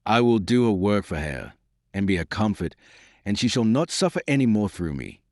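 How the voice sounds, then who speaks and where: A man's voice: fairly low pitch, very animated, normal speed, a little mellow, no echo, studio quality. A man voicing an old village father, homely and rambling in his talk.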